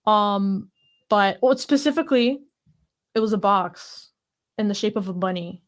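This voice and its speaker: A woman co-hosting a podcast in casual chat, talkative and expressive, with lots of "like" and "you know". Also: medium pitch, unhurried. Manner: chatty, fills talk with "like" and "you know"; expressive, gasps and laughs while talking. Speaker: podcast co-host.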